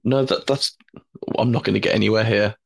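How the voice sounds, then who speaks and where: A man with a West Midlands accent co-hosting a podcast, teasing in a joking deadpan way. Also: on the low side, brisk, vocal fry, slightly rough. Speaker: podcast co-host. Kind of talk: casual podcast chat.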